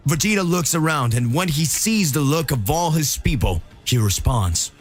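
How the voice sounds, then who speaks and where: A man's voice: a little high, lively intonation, normal speed, soft background music. A man narrating a dramatic fan-made story.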